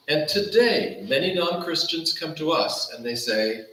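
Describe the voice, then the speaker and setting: A man's voice: fairly high pitch, lively intonation, measured pace, few pauses, sharp tone, very echoey, a little hiss or hum, rough recording. A man pastor giving a conversational Bible study sermon, acting out quoted dialogue with animation. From Taiwan. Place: church hall.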